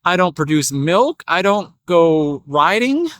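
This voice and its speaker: A man's voice: fairly high pitch, big pitch swings, slow, fairly bright tone, no room sound, clean studio sound, exaggerated voice. A man voicing a sad little male pet fish who asks plaintive, self-pitying questions.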